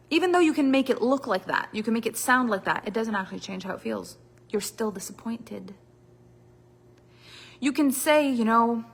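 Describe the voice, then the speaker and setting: A woman coach delivers a motivational talk with a slightly high voice. She drives points home by repeating words and swings between loud bursts and quiet asides. The sound carries a long hall reverb. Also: fairly quick. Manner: emphatic, repetitive, dramatic shifts in loudness. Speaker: business coach.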